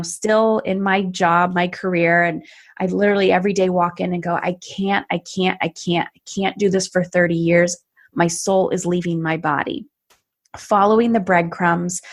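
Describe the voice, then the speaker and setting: Animated woman telling her story. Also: medium pitch. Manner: animated, acts out her past self and others in quoted asides. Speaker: podcast guest. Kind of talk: personal storytelling in a conversation.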